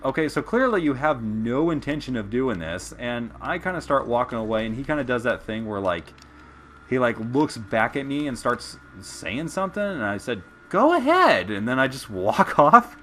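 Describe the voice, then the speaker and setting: A man's voice: mid-range voice, lively intonation, normal speed, fairly bright tone, slight background noise. A young man streaming a game, chatting casually and telling stories with loose swearing. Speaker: gameplay streamer. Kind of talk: casual storytelling while gaming.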